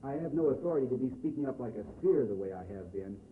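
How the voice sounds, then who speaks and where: A man playing a young man who talks to his sister in a low, quiet, blunt and brotherly way. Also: lively intonation, quick pace, far from the mic, natural voice. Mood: earnest. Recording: echoey, phone-like, faint hiss.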